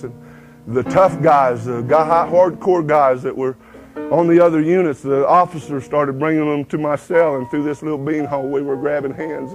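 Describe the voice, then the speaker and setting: High-voiced man preaching testimony. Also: low-quality recording. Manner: folksy storytelling, breaks into hymn lines. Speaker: preacher giving his testimony. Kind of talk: testimony sermon.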